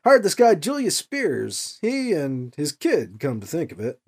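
A man's voice: on the high side, wildly swooping pitch, measured pace, husky, full character voice. A man doing a rambling ex-politician.

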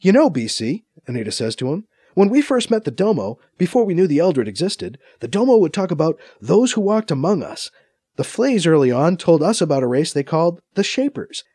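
A man voicing a sharp, guarded woman officer with a terse manner. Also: a little high, very animated, a little fast, husky, no echo, studio quality, pitched above the performer's own voice.

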